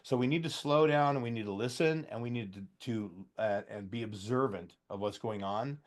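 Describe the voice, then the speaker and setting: A man's voice: medium pitch, normal speed. A man giving a loose, folksy training talk to contractors. He acts out bits of customer dialogue, and he has a slight cough. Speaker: trainer for heat pump contractors.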